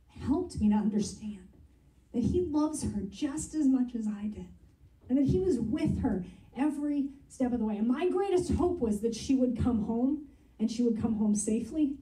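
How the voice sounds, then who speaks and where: A woman's voice: fairly high pitch, lively intonation, normal speed, dark tone. A woman pastor preaching in a church, earnest and conversational as she reads and explains scripture. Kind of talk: sermon. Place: church sanctuary. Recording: roomy sound from a distance.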